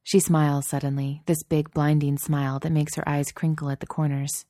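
A woman narrating a story in a steady, soft-spoken audiobook style. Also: sits low, moderate pace, dry recording, studio quality.

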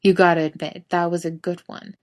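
A woman's voice: fairly low pitch, level tone, fairly quick, darkish tone, natural voice. Woman reading a smug teasing young prankster. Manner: easygoing, teasing delivery.

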